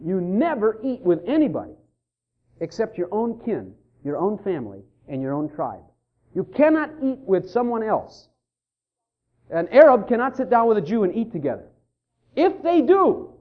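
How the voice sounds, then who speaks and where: Male preacher, sermon, high voice, lively swings in pitch, folksy asides, dull lo-fi recording. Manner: animated, acts out quoted voices, folksy asides.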